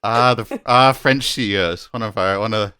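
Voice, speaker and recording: A man hosting a podcast, chatting in an animated, amused way. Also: lowish voice, normal speed, clean tone, no room sound, clean studio sound. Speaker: podcast host. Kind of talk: casual podcast chat.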